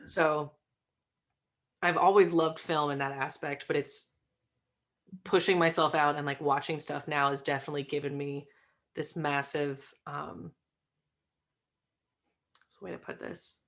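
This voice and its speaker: A woman guest in a casual interview, chatty and filling her talk with "like", rising into excited bursts. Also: low-pitched, unhurried, pauses often. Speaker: podcast guest, stream host.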